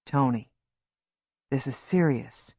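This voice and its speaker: A woman voicing a firm, steady policeman. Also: extremely low pitch, slow, breathy edge, no room sound, studio quality, full character voice. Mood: firm, reassuring. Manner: firm, reassuring, quietly urgent. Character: tense, steady male police officer, family friend.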